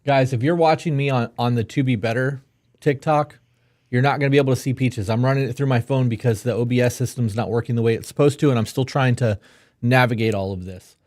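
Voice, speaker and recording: A man's voice: mid-range voice, fast talker, darkish tone. A young man co-hosting a casual live stream, laid-back and blunt, swearing now and then. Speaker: podcast co-host.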